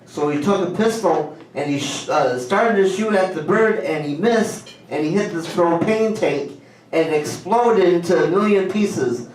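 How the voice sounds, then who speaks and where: A man doing stand-up at an open mic in a small cafe, telling corny one-liners in a casual, halting way. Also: high-pitched, a little mellow, slight background noise. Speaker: stand-up comedian. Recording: very echoey room, distant mic.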